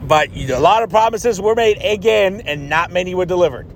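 High-voiced man ranting profanely. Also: expressive, moderate pace, a little hiss or hum. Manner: blunt, profane, exasperated ranting. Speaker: podcast host. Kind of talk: ranting podcast monologue.

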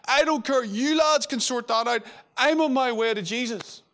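A man voicing an impulsive fisherman disciple in a sermon retelling, talking bluntly and excitedly. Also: extremely high pitch, normal speed, pitched above the performer's own voice. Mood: eager. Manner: blunt, excited, dismissive of the boat.

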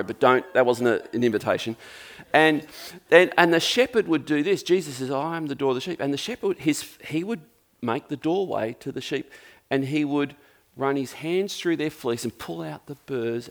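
Chatty Australian male preacher. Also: medium pitch. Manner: conversational, jokey storytelling preaching. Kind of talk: sermon.

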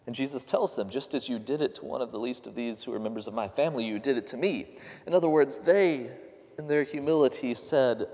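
A man's voice: mid-range voice, a little fast, dark tone, long reverb tail. A man preaching a sermon, earnest and questioning, lifting his voice when he quotes others. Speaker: pastor.

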